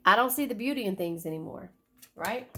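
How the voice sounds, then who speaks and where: A woman's voice: medium pitch, expressive, a little fast, a bit bright, husky. A woman giving a casual tarot reading, chatty and swearing, often repeating her phrases. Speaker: tarot reader.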